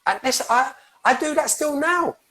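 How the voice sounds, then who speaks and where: A man's voice: very high voice, expressive, moderate pace, sharp tone. A man working as a soul coach talks on a podcast with fiery, emphatic passion. He curses freely and rambles, tripping over restarts and repeated words as he pushes his point. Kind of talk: podcast conversation about breathwork.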